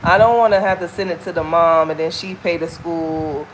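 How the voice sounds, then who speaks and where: A woman's voice: on the low side, moderate pace, noisy background. Chatty Southern American woman vlogging. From Southern United States. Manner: candid, chatty, folksy. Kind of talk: casual chat while walking. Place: outdoors on a walk.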